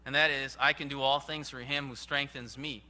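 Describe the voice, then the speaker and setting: A man preaching a sermon in an earnest, emphatic way, with sudden rises and hushed drops. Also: mid-range voice, steady tone, normal speed. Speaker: pastor.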